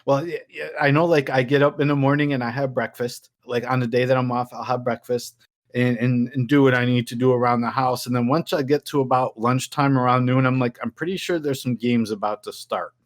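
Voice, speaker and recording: A man's voice: mid-range voice, level tone, brisk. Man, sports podcast co-host, casual chat, dry sarcastic humor, laughs easily.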